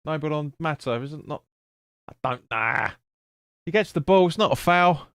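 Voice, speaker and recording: A man's voice: a little high, expressive, normal speed, a bit bright, clear, resonant tone, no room sound, clean studio sound. A man streaming a football watch-along, calling the play and answering chat bluntly with swearing. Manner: blunt, sweary, chatty with viewers. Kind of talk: live match commentary and chat reading.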